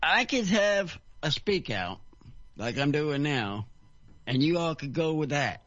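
Podcast guest, male, halting delivery, lively pitch, dull dry sound. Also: dry recording. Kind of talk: casual chat.

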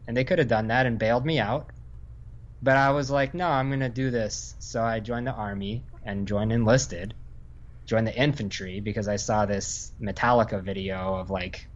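A podcast guest with a lowish voice, he's an Army infantry veteran from Northern Virginia who rambles casually and keeps using fillers and restarting sentences. The recording is muffled.

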